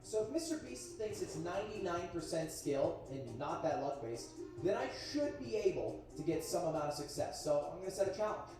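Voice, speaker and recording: A young man in his twenties narrating his own vlog in a brisk, chatty, self-assured way. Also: on the high side, very animated, music in the background. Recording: echoey, distant playback on a stream.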